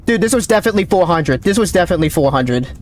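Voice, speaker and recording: A man streaming a game live, calling out readings with excited running commentary, his voice cracking. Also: high-pitched, slight background noise. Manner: excited, calls out numbers rapidly. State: voice cracking, thirsty. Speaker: gaming streamer.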